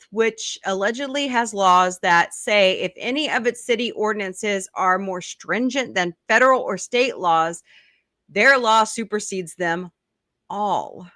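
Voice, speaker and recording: A woman host in casual chat, reading odd news items aloud with quick asides and laughs, a little sleepy and yawning. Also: medium pitch, bright, forceful tone, no echo, studio quality.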